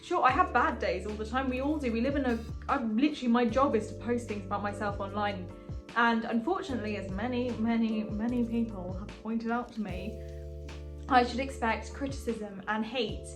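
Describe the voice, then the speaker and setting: A woman's voice: fairly high pitch, moderate pace. Earnest chatty young woman vlogging over music. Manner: chatty and earnest, with animated asides. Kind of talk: casual motivational vlog. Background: background music.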